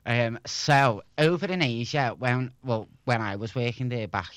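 A man's voice: medium pitch, unhurried, a bit bright, no room sound. Chatty Scouse man telling stories. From Liverpool, England. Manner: chatty storyteller, laughs often. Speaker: guest, former radio presenter. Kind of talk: casual interview chat.

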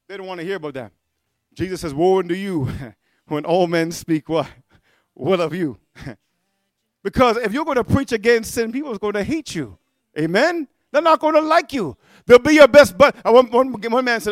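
High, bright-voiced man preaching fiercely. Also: normal speed, no room sound, clean studio sound. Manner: emphatic, punctuates with "amen?" and shouts. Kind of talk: fiery sermon.

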